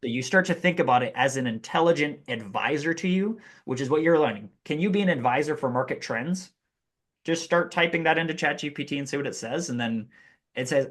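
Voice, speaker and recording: Energetic man explaining business AI. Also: on the high side, a little fast. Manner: energetic, explanatory, lots of fillers. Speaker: podcast guest, business AI consultant. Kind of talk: casual interview chat.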